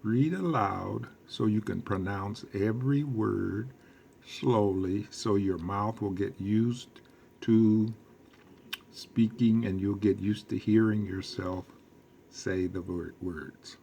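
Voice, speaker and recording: A man teaching a recorded lesson, speaking slowly, quizzing his class and repeating key phrases for emphasis. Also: on the low side, gravelly, dark tone, a little hiss or hum. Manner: slow and deliberate, quizzing the class. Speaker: Spanish teacher.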